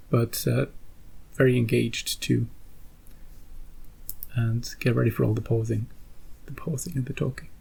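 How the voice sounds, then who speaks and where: A man's voice: medium pitch, gravelly, darkish tone, slightly rough, rough recording. A man hosting a reaction channel, chatting casually to his viewers in a rambling way and often repeating himself. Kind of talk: casual chat to camera.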